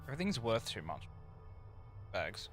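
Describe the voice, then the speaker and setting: A man's voice: fairly low pitch, sing-song, normal speed, a bit bright, faint music behind. A man streaming an online game, chatting casually in a loose, rambling way with plenty of fillers. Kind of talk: casual chat while gaming.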